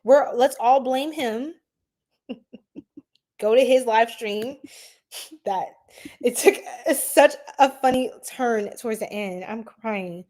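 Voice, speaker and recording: A woman hosts an astrology livestream in loose, slangy chat with a fairly high voice. She laughs often and answers viewers' comments as they come in. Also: takes it slowly, pauses often, a little mellow.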